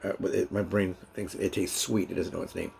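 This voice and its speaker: A man's voice: low voice, level tone, a little fast, gravelly, darkish tone, a little hiss or hum, rough recording. A man talking casually in a rambling vlog monologue, repeating himself and restarting sentences often. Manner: rambling, repetitive, many restarts and fillers. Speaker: vlogger.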